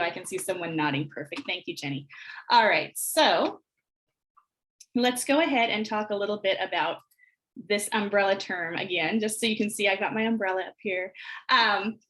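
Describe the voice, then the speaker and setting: A woman leads a teacher workshop over a video call, sounding like a presenter at her computer mic. She explains early reading skills in a clear, instructional way, and she slows down to model short words and sentences for the audience. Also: a little high, fairly bright tone. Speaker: teacher trainer.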